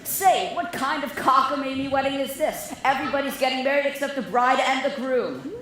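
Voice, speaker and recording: A woman's voice: high-pitched, a bit bright, slight background noise. A woman playing a blustering, harried male producer. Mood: exasperated. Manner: blustering, fast, exasperated. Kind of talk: stage musical performance. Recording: very echoey stage hall.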